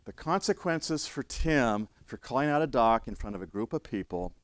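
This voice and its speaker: A man's voice: medium pitch, lively intonation, normal speed, no echo. A middle-aged man lecturing emergency responders in a blunt, conversational way. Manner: blunt, conversational, acts out quoted voices. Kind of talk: classroom lecture with stories.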